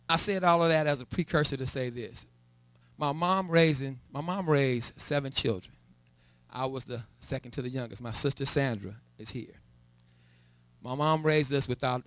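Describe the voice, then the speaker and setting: Middle-aged male church elder testifying, stammers and builds to emphatic peaks, mid-pitched, close dry sound. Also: fairly bright tone, no room sound. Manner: stammering repeats, rising to emphatic raised voice. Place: church sanctuary. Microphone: live stream.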